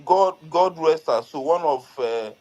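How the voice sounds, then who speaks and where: A man giving a measured comment in an online audio-room discussion, halting and full of fillers. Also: fairly high pitch, lively intonation, warm tone, low-quality recording. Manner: halting, many "you know" fillers. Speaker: discussion participant.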